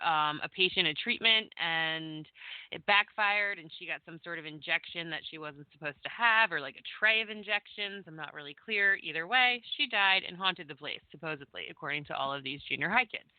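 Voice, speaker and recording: A woman's voice: fairly low pitch, expressive, fairly quick, no room sound. A woman from Vermont and New Jersey, a radio guest telling a ghost story with lots of "like" fillers. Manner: chatty, many "like" fillers, acts out her teen self. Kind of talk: casual storytelling on a call-in radio show. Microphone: phone call. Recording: tinny phone line, dry.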